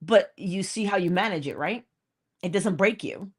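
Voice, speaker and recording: A woman's voice: medium pitch, normal speed, husky. A woman hosting an inspirational morning talk, casual and emphatic, repeating key phrases and laughing between points. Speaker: host.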